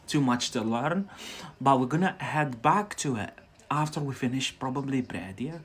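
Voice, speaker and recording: A man with a Scottish-influenced accent teaching English on a casual livestream, chatty and loose, repeating words for his viewers. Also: medium pitch. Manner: talks to viewers directly and stretches out key words.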